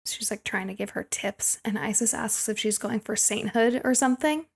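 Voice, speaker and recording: A young woman with a slightly high voice, marked by vocal fry and a breathy edge, talks at a normal speed. She co-hosts a movie podcast, casually going over a film, laughing often and imitating its quotes.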